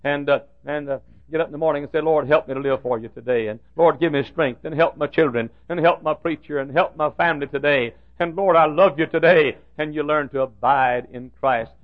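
A man preaching a sermon in a folksy, animated way, jumping from loud high outbursts to hushed asides. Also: fairly quick, few pauses. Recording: dull lo-fi recording.

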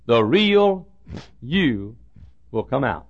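A man preaching a sermon, telling a folksy story in an animated way that builds suspense. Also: mid-range voice, drawn-out words. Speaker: pastor. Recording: dull lo-fi sermon recording.

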